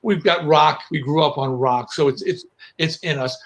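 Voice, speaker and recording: A middle-aged man chatting as a guest on a video call, telling lively stories with frequent restarts. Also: a little high, normal speed. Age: middle-aged or older. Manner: animated storyteller, frequent restarts. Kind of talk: casual chat.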